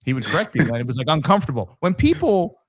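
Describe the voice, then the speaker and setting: A man's voice: a little high, huge pitch swings, rapid-fire. A man hosting a podcast in casual conversation, telling stories with animation and acting out the voices of people he quotes. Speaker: podcast host, former police officer.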